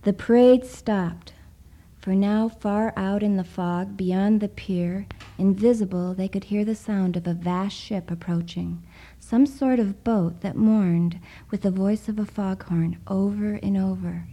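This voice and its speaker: A woman narrates a story in a hushed, often whispered voice. She reads slowly and lingers over every phrase. Her tone is very dark and mellow. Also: medium pitch, fairly even intonation, low-quality recording. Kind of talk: soft-spoken story reading.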